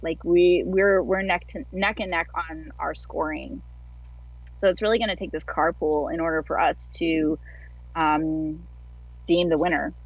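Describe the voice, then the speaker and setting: A woman's voice: low voice, steady tone, a little slow. A woman guest telling her story in a casual interview over a video call, chatty and full of filler words. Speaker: guest athlete. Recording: dull lo-fi online call audio.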